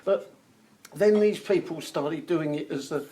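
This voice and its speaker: A man who is a politician telling a measured anecdote on a talk show. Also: fairly high pitch. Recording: noisy played-back clip.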